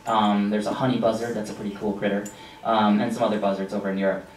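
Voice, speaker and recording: A man giving a casual slideshow lecture about nature, relaxed and rambling with frequent ums and asides. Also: fairly low pitch, fast talker, slight background noise. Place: lecture room with an audience. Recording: echoey room from a distance.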